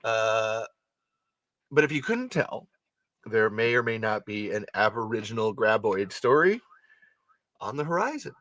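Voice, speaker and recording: A man's voice: lowish voice, animated, measured pace, long pauses, a bit bright, dry recording. A man hosting a podcast, reading a story aloud with casual, rambling asides and frequent self-corrections. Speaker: podcast host.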